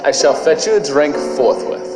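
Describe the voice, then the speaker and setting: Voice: mid-range voice, expressive, moderate pace, natural voice. An actor playing a courteous, formal manor butler who drops in a French greeting, in a film with music. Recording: film soundtrack with roomy echo and loud music.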